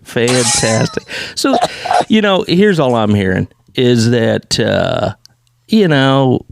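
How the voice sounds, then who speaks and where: An older man hosting a podcast, talking in a slow, wry, chatty way. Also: mid-range voice, sing-song, gravelly, noisy background. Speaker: podcast host. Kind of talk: casual chat.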